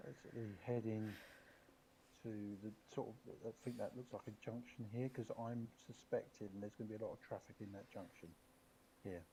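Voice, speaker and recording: Quick, mellow-voiced man planning a move. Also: lowish voice, steady tone, slight background noise, rough recording. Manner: planning aloud, thinking through tactics. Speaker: player. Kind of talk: casual tabletop play.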